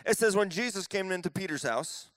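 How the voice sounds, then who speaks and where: A man's voice: high-pitched, lively intonation, a little fast, fairly bright tone, no room sound. A man in his thirties preaching a casual, conversational sermon as pastor, telling the story with playful little voices.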